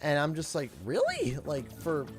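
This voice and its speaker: A man's voice: a little high, expressive, moderate pace, noisy background. A man with a Canadian accent, chatting casually while streaming a game, telling rambling stories with frequent laughter and restarts. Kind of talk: casual chat while gaming.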